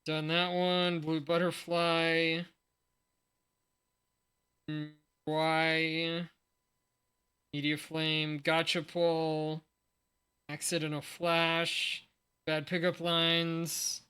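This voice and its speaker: A man's voice: on the high side, monotone, extremely slow, long pauses, sharp tone, clear, resonant tone. A man in his forties with a sleepy morning voice, chatting casually and rambling aloud on a livestream while unboxing cards. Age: 40s. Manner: rambling, thinks aloud, jokes at himself. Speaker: streamer.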